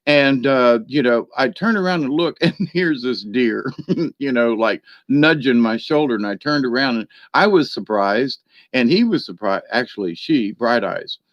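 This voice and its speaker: A man telling a rambling personal story in a chatty way, laughing often and filling pauses with ums and restarts. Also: medium pitch, animated, no room sound. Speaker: spiritual card reader. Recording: dry, dull lo-fi sound.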